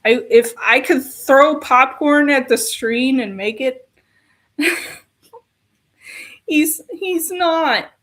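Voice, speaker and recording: A woman's voice: high-pitched, fairly bright tone. A woman giving an exasperated, ranting film review, repeating her complaints in a casual tone.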